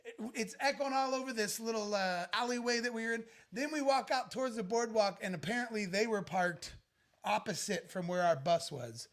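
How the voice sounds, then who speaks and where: A man's voice: sits high, normal speed, fairly bright tone. A man co-hosting a live-stream podcast, telling a story animatedly, laughing and swearing freely. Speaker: podcast co-host. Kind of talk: casual live-stream chat.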